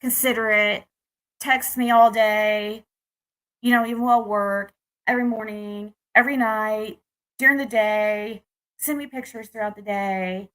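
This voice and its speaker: A young adult US vlogger tells viewers a meandering dating story, restarting and letting off frustration as she goes. She speaks a little slowly in a steady, mid-range voice with a fairly bright tone.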